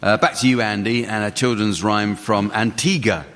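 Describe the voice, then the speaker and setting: A man chairing a radio comedy panel game, reading rhymes and delivering dry, deadpan jokes. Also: lowish voice, normal speed. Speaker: quiz show chairman. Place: large theatre stage. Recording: live theatre hall with audience laughter.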